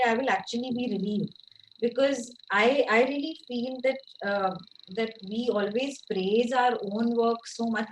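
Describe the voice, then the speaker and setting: A woman, an actor guest telling stories animatedly and laughing as she talks. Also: a little high. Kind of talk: interview answers, storytelling. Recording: echoey room, faint noise.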